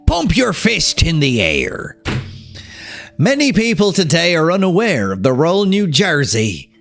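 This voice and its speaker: A man with a Southern California accent hosting a livestream, reading aloud and joking with his chat. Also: a little high. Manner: animated, joking, swears, riffs on chat. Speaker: streamer host.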